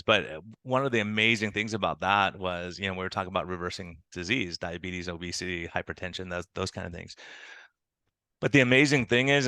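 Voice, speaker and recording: Bright-voiced doctor telling stories. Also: male voice, on the low side, clear, resonant tone, dry recording. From United States. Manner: animated storytelling with quoted dialogue. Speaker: internal medicine doctor, podcast guest. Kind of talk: conversational interview.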